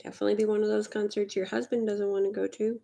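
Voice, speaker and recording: A woman's voice: mid-range voice, little pitch movement, fast talker, creaky, warm tone. A woman from Mississippi with a Southern accent, chatting casually and rambling while she beads on a livestream. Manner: rambling, offhand, swears casually. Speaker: livestream host. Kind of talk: casual chat while beading.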